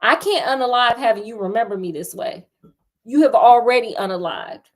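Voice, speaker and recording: A woman's voice: fairly high pitch, lively intonation, moderate pace. A woman voicing a grieving teenage boy who pleads earnestly with his girlfriend, in a storytelling reading. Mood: pleading.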